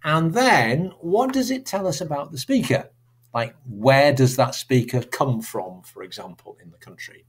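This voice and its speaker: A man's voice: mid-range voice, expressive, unhurried, husky. A man teaching a recorded lesson, chatty and asking his students rhetorical questions. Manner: chatty, asks rhetorical questions, acts out sample accents.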